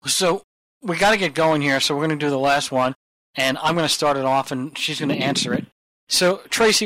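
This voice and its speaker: A man's voice: fairly high pitch, fairly quick, a bit bright, no room sound, low-quality recording. A man co-hosting a podcast, bantering in a jokey, playful way. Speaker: podcast co-host. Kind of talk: casual banter.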